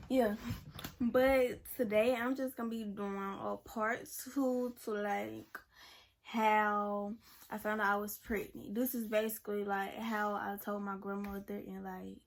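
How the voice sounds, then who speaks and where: A woman's voice: medium pitch, little pitch movement, takes it slowly. A young woman, telling a personal story to camera in a rambling, casual way. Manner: rambling, many "like"s and "y'all"s. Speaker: vlogger. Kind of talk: storytime vlog.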